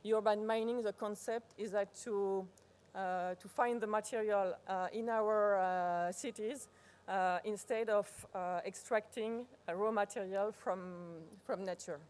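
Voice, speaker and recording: A woman with a French accent, a native French speaker, giving a live workshop presentation, pausing often to search for words and restarting phrases. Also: mid-range voice, fairly even intonation, a little mellow. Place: conference workshop room.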